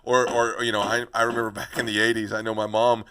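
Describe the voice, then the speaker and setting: A man's voice: on the low side, flat delivery, quick pace, bright, forceful tone. A man hosting a podcast interview, talking in a conversational, affirming way with frequent stammered restarts. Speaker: podcast host.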